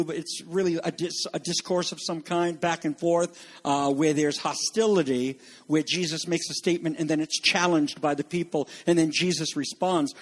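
Middle-aged guy preaching, kinda high voice, acts out the quotes. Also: husky. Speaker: pastor. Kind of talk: sermon.

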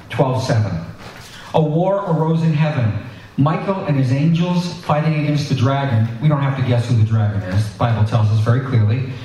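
A man's voice: medium pitch, warm tone, distant mic. A man preaching a sermon and reading scripture, talking conversationally with asides to his congregation. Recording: echoey hall, voice picked up from afar.

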